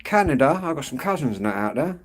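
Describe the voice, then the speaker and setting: An English man live-streaming on a walk outdoors, chatting casually with viewers in a rambling way and often clearing his throat. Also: a little high, big pitch swings, quick pace, a little hiss or hum. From England. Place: outdoors on an evening street walk.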